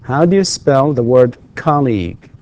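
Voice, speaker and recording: A man's voice: mid-range voice, animated, normal speed, darkish tone, highs cut off. A male university English lecturer, giving a recorded lesson and patiently repeating questions for his students. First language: Arabic.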